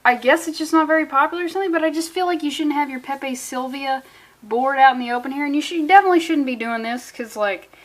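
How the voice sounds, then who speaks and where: A woman's voice: high voice, quick pace. A woman reviewing a comic book in a casual, sarcastic, rambling way, full of jokey asides. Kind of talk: casual comedic commentary.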